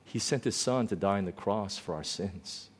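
A man preaching a sermon in a conversational, storytelling way, swinging between loud outbursts and quiet, low passages. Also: normal speed, breathy edge. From lives in Hong Kong. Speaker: pastor.

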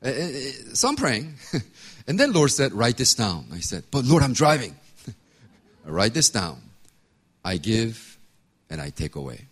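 Animated man telling a sermon story. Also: medium pitch, a little slow, long pauses, breathy edge. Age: 50s. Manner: animated storytelling, acts out voices, laughs often. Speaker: pastor.

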